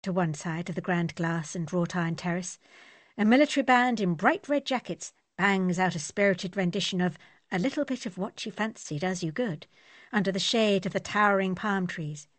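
A woman narrating an audiobook in a steady, descriptive manner. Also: on the low side, moderate pace, no room sound.

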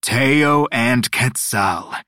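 A man voicing a booming, grinning male god of bad luck who sounds falsely friendly. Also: extremely slow, sharp tone, no echo, studio quality. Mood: oily, jovial.

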